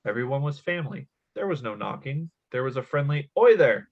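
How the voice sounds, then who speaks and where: A man's voice: mid-range voice, animated, a little fast. Man, thirties, casual podcast host, reads spooky tale, laughs a lot, muffled recording. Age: 30s. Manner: laughs often, swears casually. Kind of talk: casual podcast chat, reading a story aloud.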